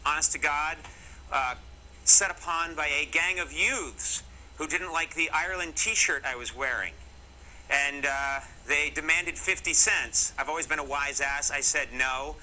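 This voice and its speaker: This voice is a little high, a little slow and sharp in tone, captured in poor audio with a bit of hiss or hum. It belongs to a middle-aged comedy show host from Massachusetts, USA, who tells stories to camera in a jokey, mock-serious way, dropping wry asides.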